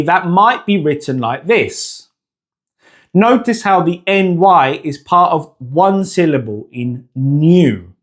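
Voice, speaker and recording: A man teaching a scripted pronunciation lesson, speaking clearly and deliberately and drawing out example words slowly. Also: a little high. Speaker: language teacher.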